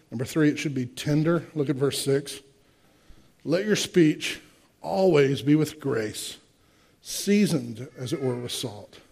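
A man's voice: on the high side, a little mellow. A man in his sixties preaching a sermon, emphatic, with rhetorical questions and direct asides to the congregation. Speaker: pastor.

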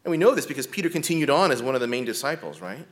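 A man teaching biblical counseling in a conversational lecture, often checking in with his listeners and speaking gently when he talks about compassion. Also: mid-range voice, very animated, racing. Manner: often checks in with a tag question "right?"; drops to a soft, gentle tone when describing compassion.

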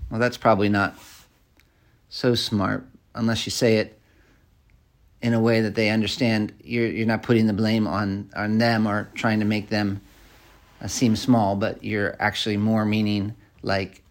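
A man giving a conversational sermon, halting with many fillers and restarts as he explains everyday application. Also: fairly low pitch, flat delivery. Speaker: preacher. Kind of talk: sermon application with acted examples.

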